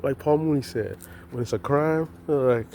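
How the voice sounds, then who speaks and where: Man on camera, impassioned profane rant, darker mellow tone, lots of repeats and restarts. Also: medium pitch, normal speed, creaky, a little hiss or hum. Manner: heated, repetitive, stammers and restarts. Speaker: vlogger.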